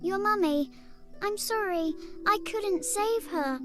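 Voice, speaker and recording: A man voicing a mysterious, sorrowful little girl in a video game, speaking slowly and apologetically. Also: extremely high pitch. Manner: slow, apologetic. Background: game music.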